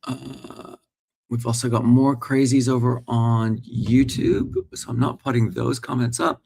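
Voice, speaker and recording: A man's voice: mid-range voice, fairly even intonation, a little slow, gravelly, darkish tone, slight background noise. Man, 40s, actor hosting a live morning stream, casual, chatty, talks to viewers. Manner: chatty, talks straight to viewers and reads their comments.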